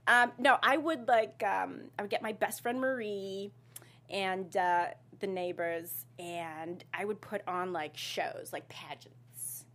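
A woman's voice: mid-range voice, steady tone, slow pace, fairly bright tone. A young woman from South Africa with a light South African twang in her North American speech, chatting as an interview guest and laughing often. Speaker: actress guest. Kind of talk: casual interview.

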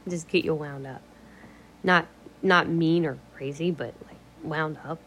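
Woman vlogging at home, rambling chatty talk, swears a lot, slips into whispers, lowish voice, faint room hiss. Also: steady tone, a little slow. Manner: chatty, swears freely, laughs often, drifts into whispers. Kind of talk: casual rambling chat.

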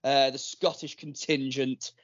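A man's voice: mid-range voice, little pitch movement, a little slow, dry recording. A man hosting a podcast, chatting casually and rambling through plenty of fillers. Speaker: podcast host. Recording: dull, dry lo-fi recording.

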